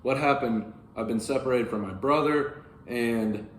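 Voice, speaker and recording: A man voicing an eager young prince who asks quick, casual questions. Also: mid-range voice, slight background noise, lightly acted. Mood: curious. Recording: roomy with faint ambience.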